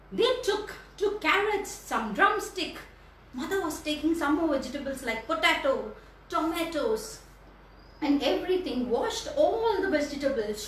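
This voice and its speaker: A woman with an Indian English accent narrates a children's story in an animated, playful way. Her voice is high and bright, her pace slow. It rings in an echoey room, caught from a distance with faint ambience. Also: slight background noise.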